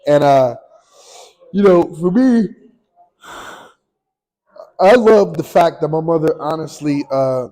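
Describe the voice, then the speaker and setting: A man with a slightly raised pitch speaks in a loose, unscripted monologue as the host of his own show. He rambles earnestly, drops in casual slang and often restarts his sentences. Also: takes it slowly, long pauses, dark tone, low-quality recording.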